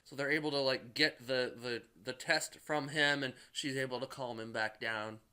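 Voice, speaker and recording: A man's voice: medium pitch, steady tone, normal speed, bright, forceful tone, clean tone. A man casually recapping a movie in a rambling way, packed with filler words and swearing. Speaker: movie reviewer.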